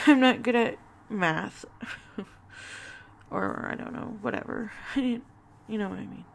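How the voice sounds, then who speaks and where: A woman speaking haltingly about grief in a personal vlog, with many fillers and restarts, close to tears. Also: mid-range voice, vocal fry, a little hiss or hum. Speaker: vlogger.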